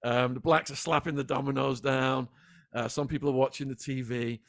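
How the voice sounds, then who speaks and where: A man guest in a sit-down interview, retelling events in an animated, dramatic way. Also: mid-range voice, a little fast, gravelly, no echo, clean studio sound. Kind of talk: vivid storytelling in a sit-down interview.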